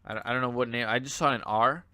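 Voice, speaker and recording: A man's voice: medium pitch, fairly even intonation, fast talker, bright, forceful tone, clean tone. A young man casually commenting on his own gameplay as a channel host, sleepy and yawning, rambling with lots of fillers and asides.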